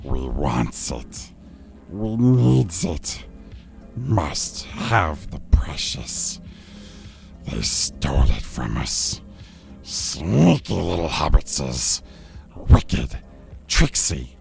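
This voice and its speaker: A man doing an impression of a wretched male creature arguing with himself, gravelly and hissing, swinging between whiny pleading and snarling. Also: a bass voice, big pitch swings, very slow, pauses often, darkish tone, soft background music, exaggerated voice. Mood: hissing, scheming. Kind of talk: impression for a game stream.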